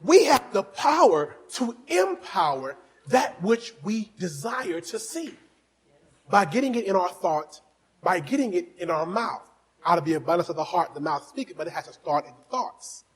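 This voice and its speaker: A male pastor preaching a fervent sermon, dropping to soft asides and then rising to shouting as he urges on the congregation. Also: high-pitched, big pitch swings, moderate pace, slightly rough, poor audio. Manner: exhorting the congregation.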